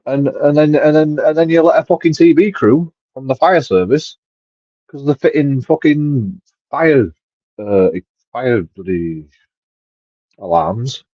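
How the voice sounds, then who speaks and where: A husky-voiced vlogger delivers a casual ranting monologue at a measured pace and medium pitch. He swears heavily, rambles, restarts, and laughs along the way. The sound is dull, lo-fi, and dry with no room sound.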